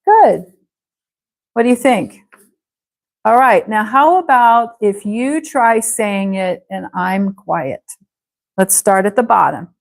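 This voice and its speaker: Slow, clear-speaking woman teacher. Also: mid-range voice, lively intonation, rough recording. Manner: slow, clear model phrases for repeating. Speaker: English teacher. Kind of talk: live English class drills.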